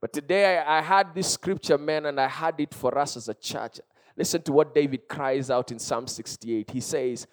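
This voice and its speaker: A Kenyan man in his thirties preaching a sermon as pastor, with impassioned delivery that swings between loud cries and hushed storytelling. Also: on the high side, normal speed.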